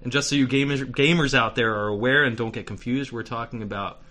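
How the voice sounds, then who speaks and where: A man's voice: mid-range voice, fairly even intonation, a little fast, pushed and bright. A man co-hosting a podcast in casual banter, joking and swearing, talking through a canker sore on his lip. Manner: joking, swears a lot, rambling riffs. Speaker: podcast co-host.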